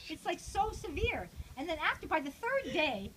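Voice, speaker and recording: Brief: older woman, rambling foul-mouthed storyteller, lively swoops in pitch, noisy home recording. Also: normal speed. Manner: rambling, profane, laughing often. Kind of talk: casual anecdote.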